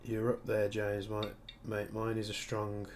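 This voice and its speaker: A man's fairly low voice comes through with a completely flat delivery, a measured pace, and a darkish tone, plus a little hiss or hum. He's an airsoft tech streamer from Birmingham, England, chatting casually in his Birmingham accent as he builds live, answers viewers, and explains his work.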